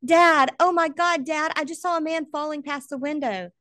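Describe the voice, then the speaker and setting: A woman voicing a frightened young boy who is crying and pleading, his voice pitched high. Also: a little slow, a little mellow, no room sound, clean studio sound. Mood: panicked.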